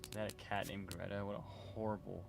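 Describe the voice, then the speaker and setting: A man's voice: lowish voice, little pitch movement, fairly quick, gravelly, music in the background. A man commentating a game playthrough as a streamer, wry and joking, muttering asides to himself. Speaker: gaming streamer.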